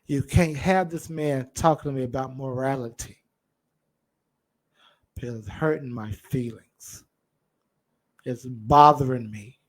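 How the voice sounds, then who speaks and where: A man preaching a sermon, acting out a wrongdoer's mindset in the first person and swinging between loud cries and low murmurs. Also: a little slow, pauses often. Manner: speaks in first person as a wrongdoer to make a point.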